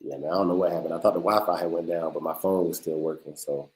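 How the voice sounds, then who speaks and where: A man's voice: sits low, fairly even intonation, fast, poor audio. A man hosting a podcast livestream in a laid-back, slangy way, often repeating words. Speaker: podcast host. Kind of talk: casual livestream chat.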